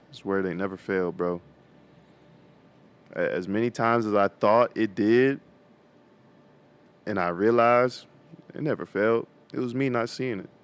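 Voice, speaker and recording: Young male vlogger, casual faith talk, smooth low voice, slangy. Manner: casual slangy preaching with many fillers.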